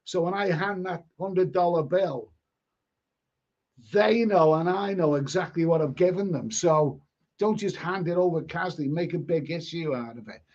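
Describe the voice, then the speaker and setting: A man's voice: on the high side, normal speed, darkish tone. A man hosting a casual live stream, reading viewer comments and telling rambling stories with blunt, mildly sweary asides. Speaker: livestream host reading chat. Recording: dull lo-fi stream audio.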